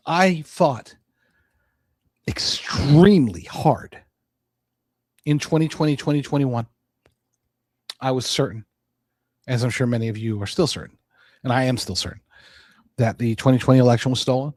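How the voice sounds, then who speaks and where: A man's voice: medium pitch, moderate pace, long pauses, a little mellow, no echo. Rambling, conversational male podcast host. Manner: rambling, conversational, with frequent restarts. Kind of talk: casual political monologue.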